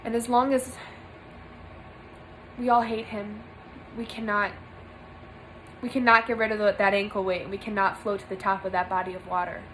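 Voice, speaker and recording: A woman's voice: medium pitch, level tone, moderate pace, pauses often, a bit bright, a little hiss or hum, low-quality recording. A young woman giving an earnest spiritual monologue to camera from a small room, emphatic and repeating phrases for stress. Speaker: spiritual vlogger.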